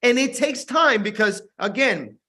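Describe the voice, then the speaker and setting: A man's voice: very high-pitched, expressive, measured pace, bright, forceful tone. A man leading a network marketing team, giving an intense, repetitive motivational talk on a video call.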